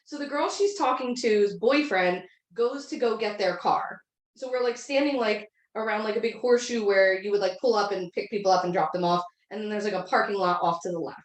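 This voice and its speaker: A woman's voice: medium pitch, brisk. A woman in her thirties telling a long story in a casual, rambling way, full of filler words. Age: 30s. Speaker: podcast co-host. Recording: echoey room.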